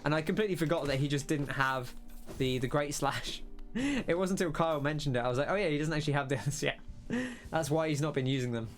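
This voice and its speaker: A young man talks through his gameplay in a loose, musing way, often stopping to rethink. His voice sits a bit high for a man. Soft game music plays faintly underneath. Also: quick pace. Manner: musing, rambling, self-interrupting. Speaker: let's play host. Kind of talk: casual gameplay commentary.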